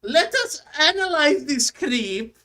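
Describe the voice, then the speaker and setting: A man's voice: very high voice, very animated, slow, bright, forceful tone, voice pushed up, full character voice. A man doing a mock German accent, playing a pompous psychologist who lectures in a mock-serious tone during a livestream chat. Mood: mock-lecturing. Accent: put-on German.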